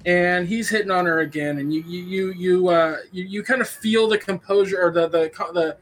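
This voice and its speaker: A man narrating an improvised comic tabletop game as game master, stammering and crude, with a deadpan delivery. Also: sits high, normal speed, soft background music.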